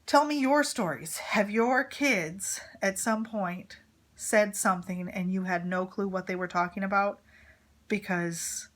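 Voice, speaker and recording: A woman in her thirties tells a story to her viewers in a casual, rambling way, full of "like" and small asides. Her voice sits in an ordinary middle pitch for a woman, relaxed and conversational. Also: unhurried. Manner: chatty and rambling, with filler words and asides. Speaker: vlogger, mother of a teenage son. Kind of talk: casual storytime chat to camera.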